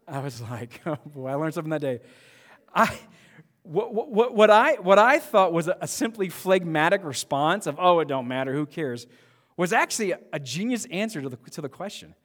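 A man's voice: high voice, animated, fairly quick, fairly bright tone, long reverb tail. A man preaching a sermon as pastor, praying and then telling a story in a conversational way with frequent restarts.

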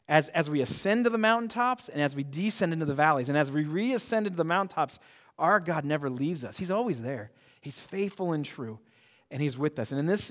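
A male pastor preaching a sermon to his church, moving from hushed prayer to loud, excited asides and often repeating and restarting words. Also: a little high, in a large hall. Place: church auditorium.

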